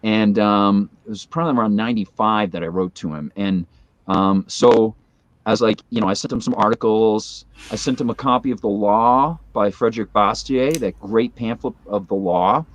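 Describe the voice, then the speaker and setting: This guest, a man in his forties, has a fairly low voice and talks at a moderate pace without any room sound. In a casual chat he tells a drawn-out story, rambling through fillers and digressions.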